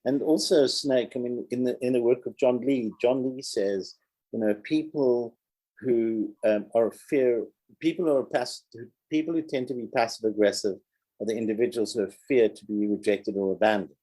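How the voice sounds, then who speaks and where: A man co-hosting a podcast, speaking in an earnest, emphatic, measured way about personal growth. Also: medium pitch, warm tone, slightly rough, low-quality recording. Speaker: podcast co-host. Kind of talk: earnest reflective discussion.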